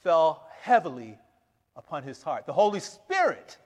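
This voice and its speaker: A man's voice: on the high side, measured pace, long reverb tail. A man preaching a sermon to his congregation, reading scripture aloud and acting out the quoted lines with chuckles. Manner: animated, acts out quoted lines with laughs.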